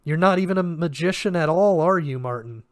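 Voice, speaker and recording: A man putting on a young woman magician from a read-aloud fantasy novel, grieving yet defiant as she faces a monster. The voice is lifted higher than the reading voice and sounds close to tears. The sound is dry and close. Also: a little fast, no echo, lightly acted. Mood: sad defiant.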